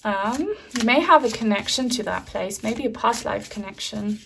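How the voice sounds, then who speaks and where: A woman giving a pick-a-card tarot reading in a gentle, rambling way, with many fillers and soft laughs. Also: fairly high pitch, animated, moderate pace, creaky, a little hiss or hum. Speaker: tarot reader.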